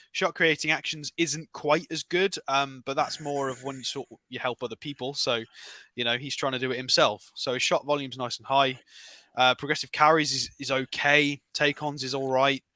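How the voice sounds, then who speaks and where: Bright-voiced man talking football. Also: medium pitch, dry recording. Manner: talks through stats, argues points. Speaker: podcast co-host. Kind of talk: casual football chat.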